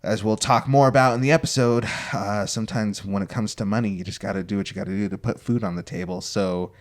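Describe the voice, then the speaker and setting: A young man hosts a podcast, chatty and playful as he lays out hypothetical scenarios in casual conversation. His voice is on the low side, steady in tone, and he talks fast.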